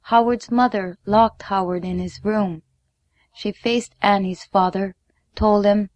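A woman reading a first-person memoir story aloud in a measured, deliberate way, dropping to a hush at times. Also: mid-range voice, steady tone, no room sound. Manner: measured, deliberate, sometimes hushed.

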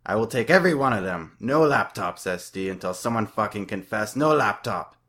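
A man voicing a furious, gum-chewing hockey coach with a thick French Canadian accent, shouting and cursing in broken English. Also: on the low side, expressive, a little fast, pitched above the performer's own voice. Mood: angry shouting.

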